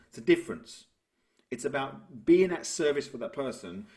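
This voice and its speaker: A man, a business coach talking through ideas and telling stories in a relaxed interview. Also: mid-range voice, moderate pace. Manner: reflective, tells stories to make a point. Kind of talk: conversational interview.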